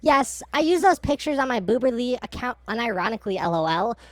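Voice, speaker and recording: A man voicing a young woman in an online chat, using a put-on high-pitched voice. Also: animated, brisk, a bit bright, no echo. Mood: flippant.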